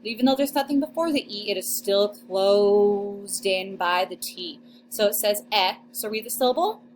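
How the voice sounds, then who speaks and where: A young adult woman teaching a recorded phonics lesson to second graders, sounding out vowels and syllables slowly and clearly. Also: medium pitch, slight background noise. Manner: slow, exaggerated sounding-out of syllables.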